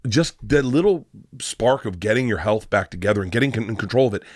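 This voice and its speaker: A man's voice: on the low side, animated, brisk, dry recording, studio quality. A man as a podcast guest, telling stories in a brash, emotional way with swearing, played as a clip. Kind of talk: casual storytelling in an interview.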